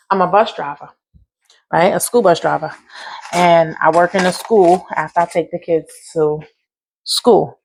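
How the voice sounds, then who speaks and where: A woman's voice: on the low side, darkish tone. A woman who drives a school bus, chatting casually while she cooks in her home kitchen, a laughing storyteller. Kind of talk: casual cooking vlog.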